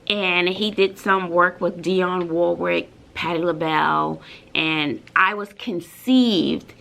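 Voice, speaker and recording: Bubbly Brooklyn-raised teacher, bright and gravelly. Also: female voice, fairly low pitch, slow. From Brooklyn, New York. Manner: bubbly and emotional, with many fillers. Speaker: middle school teacher. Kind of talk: casual vlog talk.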